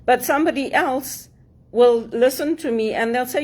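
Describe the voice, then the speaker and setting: A woman speaking in a fairly high voice, with an accent that blends English and African sounds. She delivers an opinionated monologue in an earnest, emphatic way, hammering her points home by repeating them. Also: normal speed, a little mellow. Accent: mix of English and African. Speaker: vlogger.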